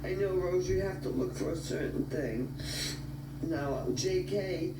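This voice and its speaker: A woman's voice: fairly low pitch, measured pace. Older woman, whiny pleader, distant phone sound with a hissy background. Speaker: livestreamer asking for money. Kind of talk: pleading livestream chat. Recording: echoey, noisy, far from the mic.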